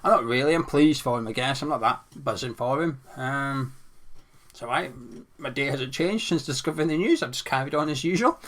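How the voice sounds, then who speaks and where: A man's voice: medium pitch, brisk, a bit bright. A young man hosting a casual football fan show, playful and self-mocking as he talks through club news. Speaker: fan channel host.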